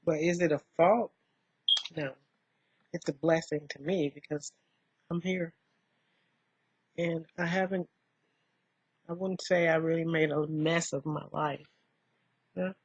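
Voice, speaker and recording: A woman vlogger talking softly and reflectively in a rambling way while doing her makeup, in a dull lo-fi recording. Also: deep voice, fairly even intonation, slow pace, pauses often, slightly rough, dry recording. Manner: soft-spoken, rambling, musing.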